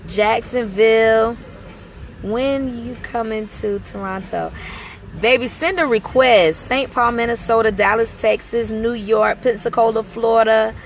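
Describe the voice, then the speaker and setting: A woman's voice: a little high, a little hiss or hum. Chatty woman livestreaming from a parked car. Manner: chatty, warmly greets viewers by name with blessings. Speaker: ministry leader livestreaming. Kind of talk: casual livestream chat greeting viewers. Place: parked car outside a mall.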